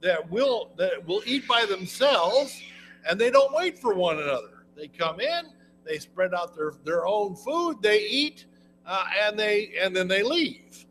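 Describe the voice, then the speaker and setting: A man's voice: sits high, big pitch swings, a little slow, fairly bright tone, soft background music, rough recording. A man preaching a Bible lesson in a folksy, conversational way, often restarting his sentences. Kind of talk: sermon, Bible class teaching.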